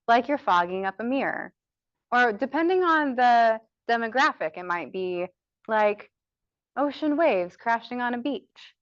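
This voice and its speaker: A woman's voice: fairly high pitch, fairly bright tone, no echo, highs cut off. Chatty American woman leading yoga training. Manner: chatty, encouraging, demonstrates breathing aloud. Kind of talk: teaching a yoga training session.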